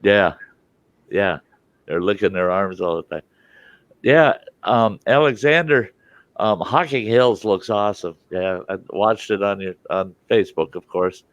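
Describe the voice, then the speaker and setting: Laughing older man, deep and dry. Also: unhurried, no room sound, muffled recording. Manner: laughs often, rambling storyteller. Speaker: host. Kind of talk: casual chat.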